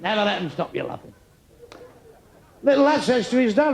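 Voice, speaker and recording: Big pitch swings and a creaky, high-sitting voice mark this sixty-something stand-up as he brashly teases his audience with crude material. He speaks at normal speed with long pauses, while the noisy club erupts in laughter.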